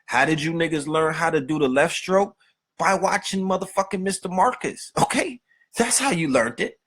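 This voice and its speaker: Husky profane man ranting. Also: fairly high pitch, lively intonation, normal speed, fairly bright tone. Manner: profane, streetwise, rants with rhetorical questions. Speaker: podcast host. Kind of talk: unscripted monologue.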